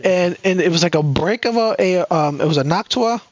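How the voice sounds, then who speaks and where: A man's voice: high-pitched, fairly quick, muffled recording. A man co-hosting a podcast, telling a story in a casual way, cursing freely and acting out what other people said. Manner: animated, profane, acts out quoted people. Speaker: podcast co-host.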